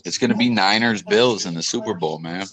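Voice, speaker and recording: A man's voice: fairly low pitch, a little fast, fairly bright tone, poor audio. A man hosting a live podcast, chatting easily and joking about sports. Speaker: podcast host. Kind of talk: casual live-stream chat.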